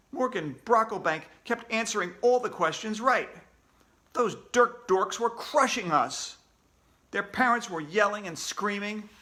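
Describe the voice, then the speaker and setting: A man reading his own children's book aloud, telling the story with animated expression. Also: sits high. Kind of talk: children's read-aloud narration.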